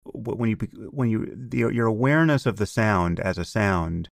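A man co-hosting a podcast in casual conversation, explaining ideas in a measured way with frequent restarts. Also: on the low side, animated, gravelly, no room sound, clean studio sound. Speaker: podcast co-host.

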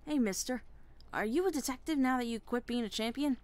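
An eager little boy bomb creature, played by a woman, chirps in a high, childlike voice. He sounds excited and bargaining, like a kid in a cartoonish game. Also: fairly quick, lightly acted.

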